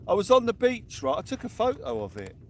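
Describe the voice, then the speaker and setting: A man's voice: high voice, wildly swooping pitch, a little fast. A young man keeps up a cheerful, chatty commentary as he fishes. He is out on a small boat at sea. A faint hiss of outdoor noise sits behind his voice. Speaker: fishing vlogger. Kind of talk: live-stream commentary.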